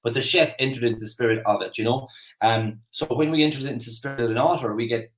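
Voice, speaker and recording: A man's voice: mid-range voice, fairly even intonation, fast talker, fairly bright tone, roomy sound, rough recording. An Irish man giving a casual motivational talk, chatty and rambling with lots of restarts and fillers. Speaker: motivational speaker.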